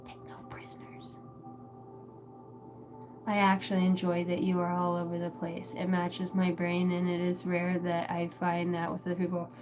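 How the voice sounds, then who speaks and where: A woman's voice: on the low side, moderate pace, hardly any pauses. Brief: young woman psychic streamer, casual rambling chat, lots of swearing, faint background noise at home. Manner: rambling, swears a lot, animated. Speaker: livestream psychic reader.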